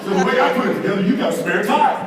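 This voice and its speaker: Male conference speaker, animated comic storyteller, distant mic in a big reverberant hall with room noise. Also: very high-pitched, very fast, a loud crowd. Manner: animated, rising to mock outrage. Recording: echoey hall, speaker heard from afar.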